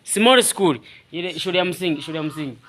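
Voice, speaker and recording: Man, Swahili accent, high voice, casual halting chat, repeats words. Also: expressive, a bit bright. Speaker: vlogger. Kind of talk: casual chat in broken English.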